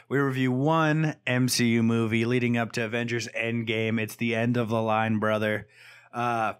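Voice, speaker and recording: Male podcast host, jokey and bossy, mid-pitch voice, upbeat intro style. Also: smooth. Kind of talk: casual chat.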